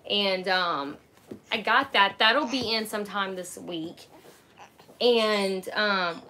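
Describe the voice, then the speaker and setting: A woman's voice: medium pitch, takes it slowly, sharp tone. A woman hosting a casual live haul chat at home, rambling along with lots of "um" and "like" as she shows her purchases. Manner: rambling, heavy with fillers like "um" and "like". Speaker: channel host showing purchases. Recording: clear background noise.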